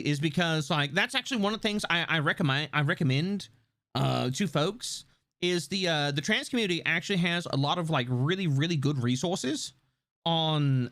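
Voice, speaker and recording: A theatrical male streamer chats casually with his audience, answering chat, his gravelly, fry-laden voice swooping through a wide, lively pitch range between a bright stream voice and a low gravelly one. For a man his voice sits somewhat high. The sound is dry and close-miked, with no room echo.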